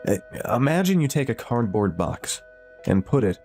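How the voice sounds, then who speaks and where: A man voicing an excited, proud engineer explaining his plan. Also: mid-range voice, normal speed, soft background music, voice pushed up, close to an everyday voice. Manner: excited, eager.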